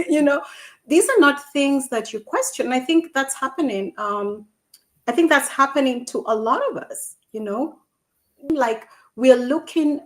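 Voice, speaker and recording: Female host, higher voice, casual searching questions, heavy on "you know.". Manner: thinking aloud, many "you know" fillers. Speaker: podcast host. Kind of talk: conversational interview.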